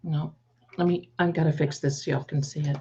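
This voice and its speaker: A woman's voice: low-pitched, steady tone, a little fast, dark tone, highs cut off, a little hiss or hum. A woman hosting a tarot livestream in casual chat, affectionately calling her viewers "my darlings" while fiddling with her setup.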